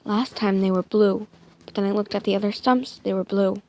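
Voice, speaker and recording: A woman improvising a first-person story in a soft, hesitant way, often dropping into a whisper and correcting herself. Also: medium pitch, fairly even intonation, moderate pace, a little hiss or hum.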